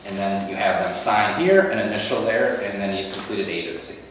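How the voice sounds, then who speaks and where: A man's voice: fairly low pitch, brisk, noisy background. A man running a real estate training session, walking through forms step by step in a practical, conversational way. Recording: echoey room from far off.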